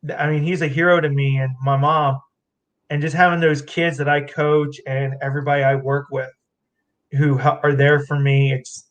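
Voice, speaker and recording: A man accepting an award, his voice sitting a bit high. He talks emotionally, close to tears, stopping and restarting his sentences. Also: a bit bright. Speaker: award winner, fighter.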